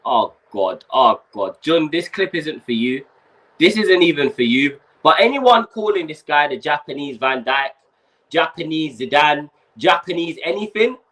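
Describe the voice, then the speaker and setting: A young man hosts a casual fan livestream, ranting in slang and swearing as the heat gets to him. His voice sits a little high and swings wildly up and down. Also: big pitch swings, measured pace, fairly bright tone. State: overheated. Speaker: fan channel host.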